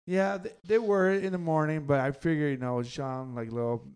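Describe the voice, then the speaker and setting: A man's voice: on the high side, fairly even intonation, moderate pace, darkish tone, clear, resonant tone. A man hosting a casual sports podcast, loose and rambling, often joking. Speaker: podcast host.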